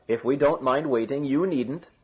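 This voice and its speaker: A man's voice: medium pitch, normal speed, slightly rough, dull audio, lightly acted. A man voicing a scheming peasant brother who scolds and gloats. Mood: gloating.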